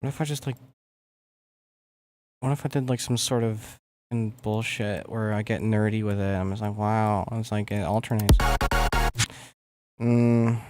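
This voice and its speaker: A man's voice: lowish voice, fairly even intonation, a little slow, pauses often. Mumbly young man streaming music production. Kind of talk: casual livestream chat while making music.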